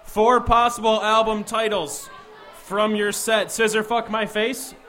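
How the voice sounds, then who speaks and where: Male emcee at a comedy club, high voice, loud joking banter, faint crowd behind. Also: little pitch movement, measured pace. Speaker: comedy show host.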